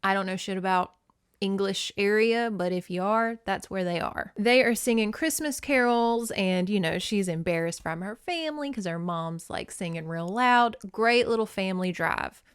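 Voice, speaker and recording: A woman's voice: medium pitch, normal speed, clear, resonant tone, no echo, clean studio sound. A woman hosting a podcast, chatting casually with laughs and the odd swear word while summarizing and reading from a novel. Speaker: podcast host. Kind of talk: casual chat and read-aloud.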